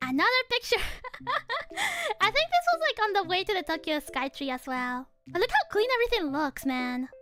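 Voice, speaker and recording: A young woman streaming casually over her travel photos, animated and giggly, with casual swearing. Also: extremely high pitch. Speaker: VTuber streamer.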